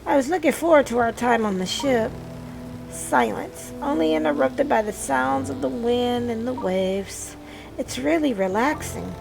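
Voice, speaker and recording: A kindly old woman who knits for the crew, as a woman puts her on, doting and sweet. Her voice is lifted high with a touch of fry. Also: lively intonation, a little slow, heavily acted, rough recording. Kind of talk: reading game dialogue aloud. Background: game music.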